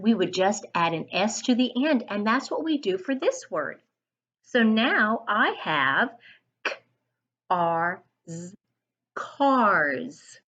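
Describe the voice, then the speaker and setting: A woman's voice: medium pitch, fairly bright tone, lo-fi sound. A woman reading teacher leading a phonics lesson for children, sounding out each letter and praising along the way.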